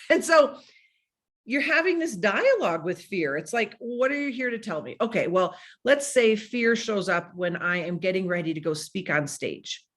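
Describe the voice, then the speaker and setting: A woman giving an energetic motivational talk as a speaker, animated and playful, coaching her listeners directly. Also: fairly low pitch, measured pace.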